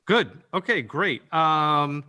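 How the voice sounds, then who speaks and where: A man's voice: a little high, lively intonation, takes it slowly, sharp tone. A man directing voice actors in a recording session, giving rambling instructions full of fillers over a video call.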